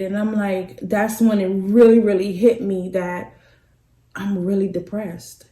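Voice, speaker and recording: Middle-aged woman vlogging, mellow voice, halting and heartfelt, roomy sound. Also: medium pitch, little pitch movement, distant mic. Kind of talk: personal story vlog. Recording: echoey room, off-mic.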